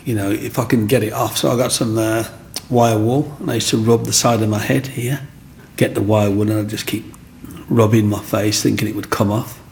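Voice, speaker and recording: A man's voice: lowish voice, little pitch movement, moderate pace, vocal fry, a little mellow, a little hiss or hum. A middle-aged man, telling his own story in an interview and acting out what other people said.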